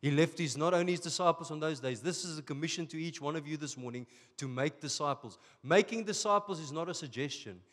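A male pastor preaching a sermon from South Africa, animated and rising to emphatic bursts. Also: on the high side, fast talker, few pauses, big-room sound.

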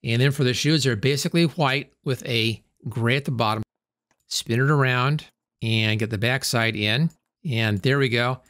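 A man narrates a screen-recorded tutorial at an unhurried, steady pace. He explains each step plainly as he works. His mid-range voice is recorded close and dry, with no room echo. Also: medium pitch. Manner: calm step-by-step instruction, talking through each action as he works. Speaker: tutorial host.

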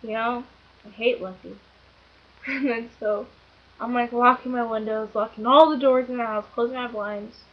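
A young woman chats on in a rambling, giggly way, full of "like" and "you know," her voice sitting a little high. The sound is dull and lo-fi, as from an old webcam mic. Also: steady tone, moderate pace. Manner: rambling, filler-heavy, giggly. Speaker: vlogger. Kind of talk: casual storytelling.

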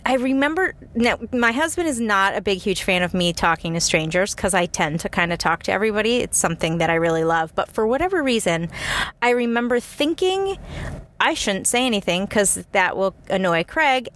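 A woman hosting a self-help podcast, telling a personal story in a chatty, animated way with frequent asides to the listener. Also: medium pitch, a little fast, a little hiss or hum. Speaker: podcast host.

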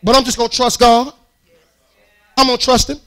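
A man preaching a sermon in church, speaking. He talks to the congregation in a conversational, animated way and builds to loud, strained peaks. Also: very high voice, fairly quick. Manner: rises into shouted, strained peaks.

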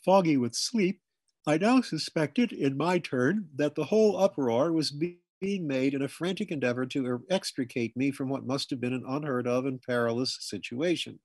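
Husky male narrator reading a comic memoir. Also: moderate pace, dry recording. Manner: bursts into loud high shouts for quoted family members. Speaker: audiobook reader. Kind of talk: scripted narration of humorous memoir.

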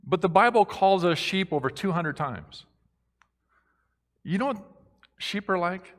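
A man preaching a sermon as a pastor, moving between hushed reflection and excited proclamation. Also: high-pitched, unhurried. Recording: long hall reverb.

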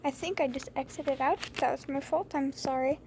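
A young woman chatting through a mouse game late at night, rambling and giggly, keeping her voice low so others can sleep. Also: normal speed, a little hiss or hum. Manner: rambling, giggly, hushed to keep quiet. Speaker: gameplay streamer. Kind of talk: casual gameplay commentary. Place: bedroom at home late at night. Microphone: phone screen recorder.

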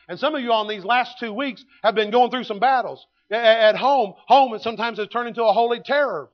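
A man, preaching a sermon in a folksy storytelling way that swings from loud to hushed. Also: high voice, fast talker, few pauses, lo-fi sound. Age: 50s. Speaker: pastor. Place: church sanctuary.

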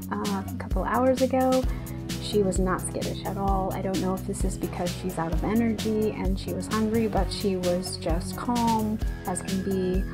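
A woman vlogging about her pet tarantula, talking softly and breathlessly with lots of fillers. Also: medium pitch. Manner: breathless and emotional, soft-spoken with frequent fillers. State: out of breath from excitement. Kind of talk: excited casual vlog narration.

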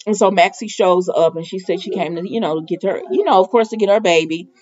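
A woman's voice: on the low side, fairly quick, a little mellow. A woman chatting casually through a soap opera recap vlog, rambling and filling her talk with "you know" and "y'all". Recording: dull lo-fi recording.

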